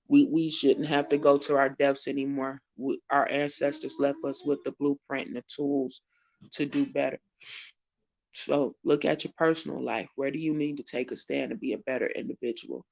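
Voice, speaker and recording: A man speaks with a gravelly, fry-edged voice on a livestream, tearful and emotional as he hosts. His delivery is preacherly and urgent, with repeated phrases and casual shout-outs. The audio sounds dull and lo-fi. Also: a little high. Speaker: host of a live online show. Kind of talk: emotional livestream talk and exhortation.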